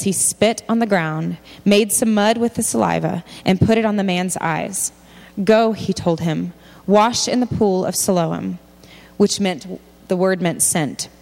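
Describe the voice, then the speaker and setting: A woman delivers a sermon at a middle pitch, reading scripture passages and breaking off to address her listeners. Her voice trails off into a long hall reverb. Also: a little mellow. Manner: reads scripture aloud, then breaks off to comment directly to listeners. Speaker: speaker giving a faith talk.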